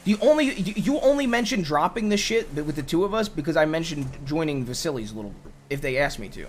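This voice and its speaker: A man voices a frustrated, exasperated young man in an improvised game roleplay, pleading with his partner, repeating himself and stumbling over restarts. His voice is on the high side, animated and fast, close to everyday speech, with slight background noise.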